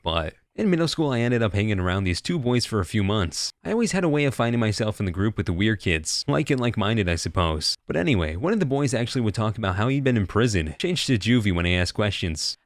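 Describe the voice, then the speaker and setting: A man narrating internet stories aloud with a brisk, lively storytelling delivery. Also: fairly low pitch, no room sound, clean studio sound.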